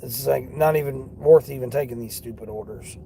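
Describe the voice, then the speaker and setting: A man's voice: mid-range voice, fairly quick, gravelly, mellow, a little hiss or hum. A man vlogging from his car on delivery runs, talking in an earnest, rambling, motivational way. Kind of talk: casual talk while driving.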